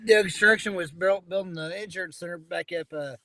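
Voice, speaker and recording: A man's voice: high voice, fairly even intonation, brisk, sharp tone, poor audio. A man telling rambling work stories in casual chat, laughing at himself.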